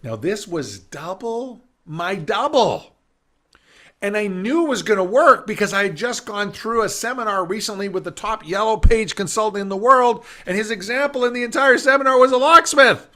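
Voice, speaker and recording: Speaking at a moderate pace in a high-pitched voice, a middle-aged businessman narrates a story during a summit talk. He's lively and imitates the voices of those he quotes, recorded through a video call.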